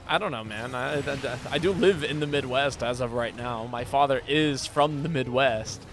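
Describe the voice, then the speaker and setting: A man streaming a game, chatting casually and joking with his viewers, now and then yelping with excitement. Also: mid-range voice, moderate pace, few pauses. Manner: relaxed, joking, with sudden excited yelps. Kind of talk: casual gameplay chat. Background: game music.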